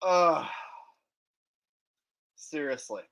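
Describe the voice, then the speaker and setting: A man's voice: on the high side, expressive, very slow, creaky, a bit bright, lo-fi sound. A man chatting casually as a comedian, boastful and laughing at his own jokes.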